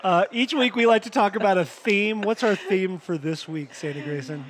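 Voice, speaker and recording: A man's voice: high-pitched, moderate pace. A middle-aged man co-hosting a startup talk show, joking and teasing his co-host in casual banter. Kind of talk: casual chat.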